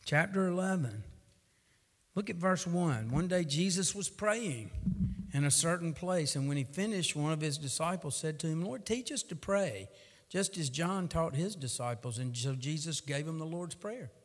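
A man's voice: on the high side, lively intonation, moderate pace, big-room sound. A middle-aged man, preaching a sermon in a folksy, storytelling way that rises to fervent.

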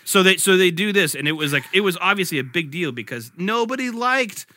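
A man in his forties tells a story on a podcast in a very bright, sharp voice. He rambles animatedly and keeps doubling back. The sound is close and dry, with no room around it. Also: sits high, animated, fairly quick, no echo. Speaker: podcast co-host. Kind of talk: casual chat.

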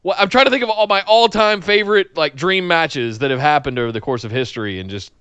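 A man's voice: fairly high pitch, quick pace, fairly bright tone, clear, resonant tone, no echo. A man co-hosting a podcast, chatting casually and animatedly, often stumbling and laughing. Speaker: podcast co-host. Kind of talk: casual chat.

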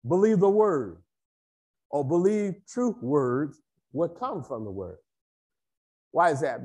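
Male pastor, high voice, animated swings; AAVE; emphatic, repetitive sermon delivery.

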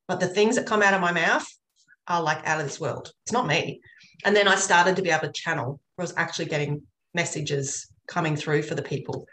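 A woman's voice: lowish voice, fairly bright tone. A woman talking earnestly about her work as an energy healer, a chatty and rambling storyteller. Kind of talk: casual interview chat. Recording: roomy echo.

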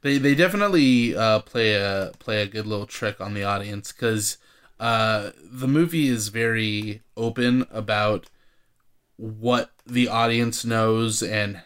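Casting note: male co-host, lowish voice, relaxed, explanatory film chat. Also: unhurried, clean tone. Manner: explanatory, hesitant with fillers. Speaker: podcast co-host. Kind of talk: casual film discussion.

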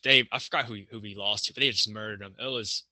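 Bright-voiced young man rambling casually. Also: on the low side, steady tone, fast, no room sound. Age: young adult. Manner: rambling, many fillers and restarts. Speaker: college hockey player guest. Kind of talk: casual podcast chat.

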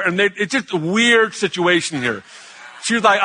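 A male pastor telling a story in a sermon, chatty and animated, joking with the congregation. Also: sits high, a little fast.

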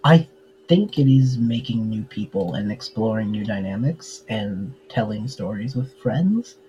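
Chatty man with a mellow, muffled voice. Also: fairly low pitch, lively intonation, unhurried. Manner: chatty, many fillers, laughs easily. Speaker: podcast guest, tabletop game player. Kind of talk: casual interview chat.

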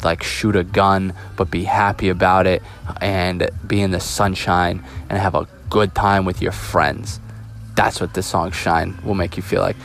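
A young man from the US East Coast, hosting a casual solo podcast, rambling and joking with lots of restarts. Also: low voice. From East Coast of the United States. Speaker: podcast host.

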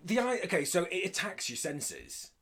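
A man co-hosting a casual film-review podcast, talking in an animated, enthusiastic way and swearing freely. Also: high-pitched, normal speed, husky. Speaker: podcast co-host.

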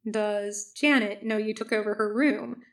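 A woman's voice: mid-range voice, steady tone, unhurried, close to an everyday voice. A woman reading the lines of a tired, wry male linguist who keeps up dry, joking banter.

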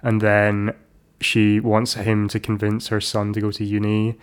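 A man's voice: lowish voice, monotone, a little slow, clear, resonant tone. A man co-hosting a podcast, recapping a film in a rambling, playful way with many restarts. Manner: rambling, self-correcting, playful. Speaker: podcast co-host. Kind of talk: casual chat recapping a film.

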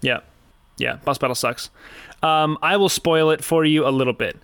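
A man with a bright, crisp voice talks through a game in relaxed podcast banter. His delivery is animated and jokey. The sound is close and dry, with no room around it. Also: a little high, normal speed, no room sound. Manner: joking, animated storytelling. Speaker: podcast co-host. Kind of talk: casual gaming podcast chat.

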